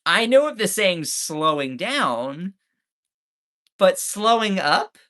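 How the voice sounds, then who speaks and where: A man's voice: high voice, big pitch swings, slow pace, pushed and bright. A man from the States, ranting sarcastically in live-stream commentary. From Southern United States. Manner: sarcastic, mocking.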